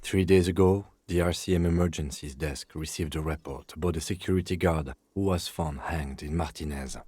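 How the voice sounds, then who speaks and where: Calm, low police lieutenant. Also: male voice, slightly rough, no room sound. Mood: composed. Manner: measured, matter-of-fact. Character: calm reserved middle-aged police lieutenant.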